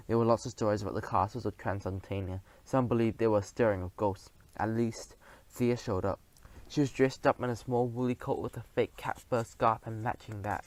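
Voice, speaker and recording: A man reading a children's audiobook aloud as a first-person narrator, in a lively, expressive telling. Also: fairly low pitch, moderate pace, poor audio.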